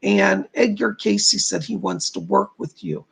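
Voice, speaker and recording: Gravelly male psychic medium. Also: sits high, unhurried. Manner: reads viewer comments aloud and relays spirit messages; informal, repeats "I gotta tell you". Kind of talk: live-stream psychic readings.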